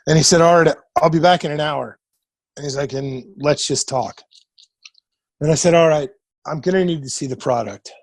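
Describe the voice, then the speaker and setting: This podcast guest, a man about forty from Nebraska, USA, speaks in a husky, slightly breathy voice that's fairly high for a man yet darkish in tone. He tells casual, profane stories and acts out quoted dialogue in people's voices. The sound is close and dry, free of room echo.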